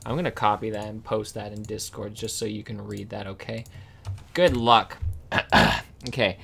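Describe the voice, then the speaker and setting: A man casually reading dictionary words aloud, slowly sounding out hard ones, stumbling, correcting himself and adding dry amused asides. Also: lowish voice, steady tone, gravelly, fairly bright tone, husky.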